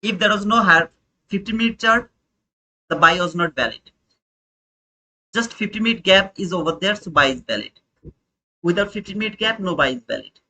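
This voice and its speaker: A man's voice: high-pitched, lively intonation, a little fast, long pauses, bright, forceful tone, low-quality recording. A young man hosting a live trading stream, talking informally to his chat and repeating his points. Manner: informal, repetitive, talks to chat viewers. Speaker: trading livestream host.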